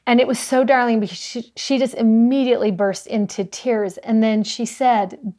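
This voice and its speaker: A woman co-hosting a scripture study discussion, telling stories earnestly and slowing down to stress key words. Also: medium pitch. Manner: earnest, warm storytelling with slowed emphasis. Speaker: co-host of a scripture study show.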